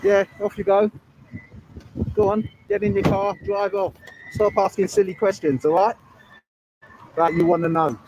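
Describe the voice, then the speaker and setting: A combative man with a fairly high voice, filming outdoors on a street. He turns questions back on people with sarcasm and waves them off dismissively. The sound comes from a handheld camera mic. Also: fairly even intonation, moderate pace, long pauses, darkish tone, a little hiss or hum. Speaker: auditor filming a police building.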